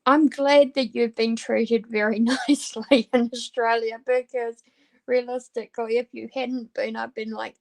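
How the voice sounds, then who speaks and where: A woman chats casually with viewers while diamond painting, hesitant and full of ums and restarts as she answers them. Her voice is a little high and gravelly, with a flat, unhurried delivery.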